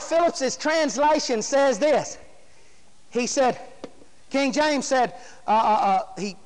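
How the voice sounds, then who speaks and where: Casting: high-voiced male preacher, shouting revival style, long reverberant hall. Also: a little hiss or hum. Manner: shouting, Southern preacher cadence. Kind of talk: fiery revival sermon.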